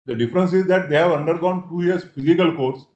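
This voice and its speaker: A man, speaking as a judge from the bench, brisk but stumbling over his words. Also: on the high side, a little mellow. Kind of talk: interjecting from the bench. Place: courtroom. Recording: dull echoey courtroom audio.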